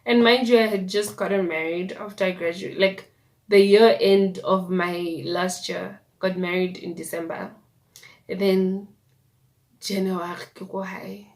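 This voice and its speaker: A woman's voice: fairly low pitch, fairly even intonation, a little slow, darkish tone. A young woman with a South African accent, telling her story casually while doing a makeup tutorial, dropping in Sesotho words and playful asides. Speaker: YouTuber.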